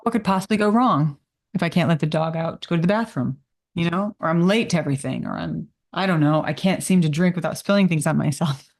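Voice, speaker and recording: A woman co-hosting a podcast, speaking candidly and wryly, her words at times slurring and rushing together. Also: low-pitched, gravelly, a little mellow. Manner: wry, candid, sometimes slurred and rushed speech. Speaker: podcast co-host. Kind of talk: casual conversational podcast talk.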